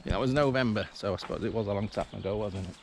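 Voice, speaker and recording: A man's fairly low voice races along as he walks an old railway line outdoors and vlogs. He chats casually, thinking aloud and restarting his thoughts. It's casual walking commentary, recorded with faint outdoor noise behind it.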